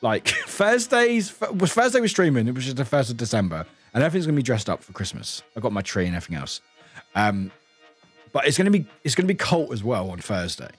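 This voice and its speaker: A man's voice: medium pitch, fast talker, slightly rough, soft background music. A man from the UK, a streamer chatting casually and animatedly with his live chat from home. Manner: animated, laughing, greeting chat by name. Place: home room.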